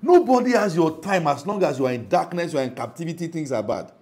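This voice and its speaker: A man's voice: a little high, animated, quick pace, darkish tone. A middle-aged Nigerian man preaching a sermon as pastor, emphatic, often asking the congregation if they follow.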